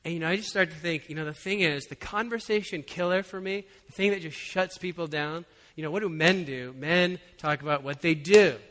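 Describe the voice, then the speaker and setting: A man preaching as a pastor, telling a personal story in a relaxed, conversational way with frequent chuckles. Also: on the high side, fairly quick, hardly any pauses. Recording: long hall reverb.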